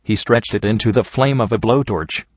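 A man reading a first-person story aloud in a steady, grim way. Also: fairly low pitch, normal speed, no room sound. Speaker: audiobook reader. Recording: dull lo-fi recording.

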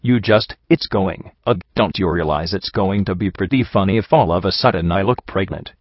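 A man's voice: deep voice, moderate pace, dry recording, highs cut off. A man reading as a nervous pony mare. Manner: hesitant and nervous. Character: brave, anxious young pony mare astronaut.

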